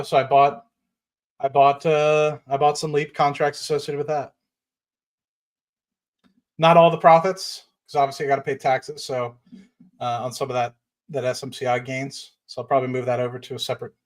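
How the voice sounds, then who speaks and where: A man hosting a casual investing livestream, rambling with many fillers and restarts, fired up and standing while he talks. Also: medium pitch. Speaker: livestream host.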